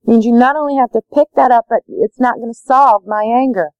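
A woman's voice: a little high, a little fast, a little mellow, no echo, highs cut off. A woman leading a parenting workshop, talking emphatically with lots of repetition. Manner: emphatic, repetitive, acts out dialogue. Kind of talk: live workshop talk.

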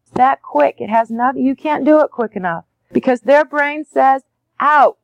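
A woman's voice: sits high, moderate pace, vocal fry, no room sound. A woman teaching parents how to name children's feelings, often acting out soothing phrases to a child. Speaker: parenting educator. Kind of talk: conversational teaching.

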